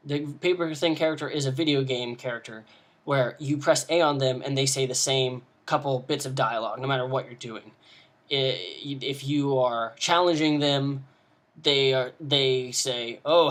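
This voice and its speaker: A man's voice: medium pitch, fairly bright tone. A man giving casual advice on running tabletop games, rambling with many fillers and restarts. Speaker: game master giving advice. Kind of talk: casual video lesson.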